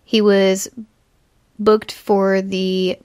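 Flat-voiced woman narrating true crime. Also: medium pitch, extremely slow, smooth, dry recording, clean studio sound. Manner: reads from notes with slips and self-corrections. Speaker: podcast host.

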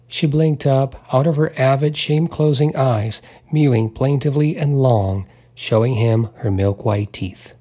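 A man narrating a literary audiobook at a notably slow, deliberate pace. His pitch sits in an ordinary middle register, and he gives the characters small voiced touches without leaving his reading voice. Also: warm tone.

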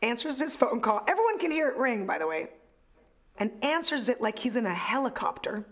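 A woman, a stand-up comedian, recalling a story in an interview, acting out a loud caller and laughing. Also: fairly high pitch, fairly quick. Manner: lively, acts out a caller, bursts of laughter. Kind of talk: anecdote in a documentary interview.

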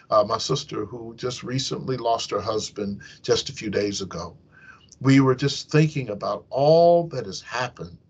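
A man's voice: mid-range voice, a bit bright, breathy edge. A man giving a devotional meditation as a hospital chaplain, talking in a conversational way and correcting himself as he goes. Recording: dull lo-fi recording.

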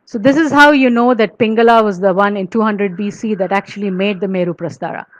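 A woman from India gives an academic lecture in a mid-range, slightly fast voice, with the high frequencies cut off in the recording. She explains patiently, using many fillers and restarts, and chants verse rhythmically.

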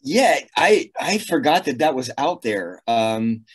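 A man's voice: mid-range voice, very animated, takes it slowly, slightly rough. A man in his sixties, a retired navy officer, telling a story in an interview with many fillers and restarts. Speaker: guest.

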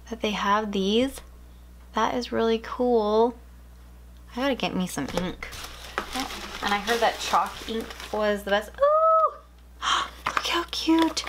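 A young woman unboxing craft goodies, gushing and excitable, drawn-out words at an unhurried pace. Her voice sits in a middle pitch, and a steady background noise runs behind her home recording. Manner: gushing, excitable, frequent gasps. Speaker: planner vlogger. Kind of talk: casual unboxing chat. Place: home room.

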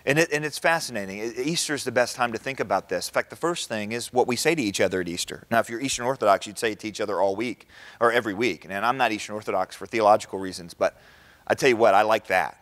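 A man giving a lively Christian talk to an audience, often stopping to quiz them with questions. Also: lowish voice, fast talker. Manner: animated, quizzes the audience with rhetorical questions. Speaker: Christian speaker addressing an audience.

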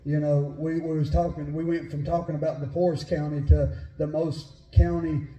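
A high-voiced male pastor with a West Virginia Appalachian drawl, mixing folksy storytelling with fervent preaching. His tone is deep-set and dark despite the high pitch. The sound rings in an echoey church room. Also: little pitch movement, normal speed. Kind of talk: sermon with personal storytelling.

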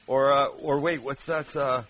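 A man's voice: mid-range voice, steady tone, measured pace, fairly bright tone. A man hosting a cooking show, chatting casually and joking with self-mocking asides as he cooks. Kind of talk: casual cooking demo chat.

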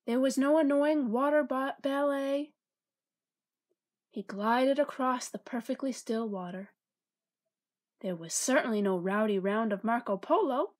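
A woman reading a picture book aloud, playful and expressive, pausing to ask her listeners questions. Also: sits high. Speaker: storybook reader.

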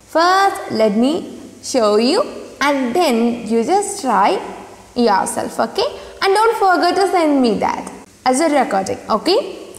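A woman teaching an online English class to young children, speaking slowly and enunciating each word clearly to model pronunciation. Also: high voice. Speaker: primary school English teacher. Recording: echoey room with long reverb.

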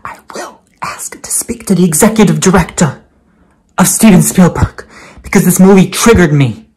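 A man's voice: sits high, moderate pace, darkish tone, slightly rough. A man voicing an entitled, outraged middle-aged woman who complains indignantly and demands a manager.

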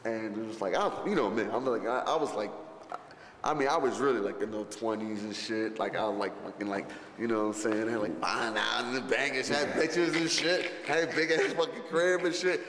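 Recorded in an echoey hall with long reverb, faint ambience and a bit of hiss or hum, a man with a lowish voice talks a little fast. As an interviewee recalling a film shoot, he rambles casually and profanely, full of fillers and restarts, animatedly acting out others' lines.

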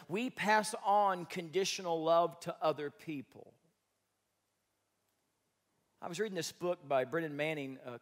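A male pastor with a slightly high voice preaches an animated sermon. He swings between loud, emphatic bursts and soft asides, joking with the congregation.

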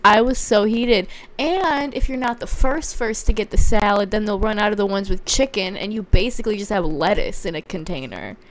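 A woman's voice: medium pitch, normal speed, hardly any pauses. A young woman chatting casually while a friend plays a game, joking and rambling into a handheld mic. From United States. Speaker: co-player guest. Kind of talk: casual gameplay chat. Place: a friend's house.

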